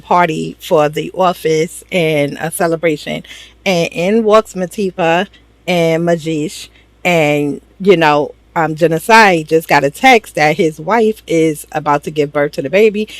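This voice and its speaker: A woman's voice: on the low side, no room sound. A woman casually recapping a TV drama episode for her viewers, gossipy and slangy, laughing often. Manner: slangy, talks straight to viewers.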